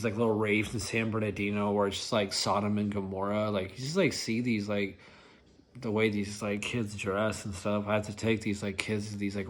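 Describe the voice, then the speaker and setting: A young adult man casually telling rideshare driver stories, rambling and filling nearly every phrase with "like". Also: on the low side. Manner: rambling, filler-heavy, lots of "like". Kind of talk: casual storytelling vlog.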